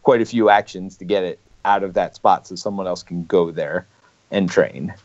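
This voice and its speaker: A man's voice: low-pitched, normal speed, darkish tone, a little hiss or hum. A man, a board game designer co-hosting a podcast live stream, talking in an easygoing way. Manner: easygoing, laughs along. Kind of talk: casual live stream chat. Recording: dull lo-fi stream audio.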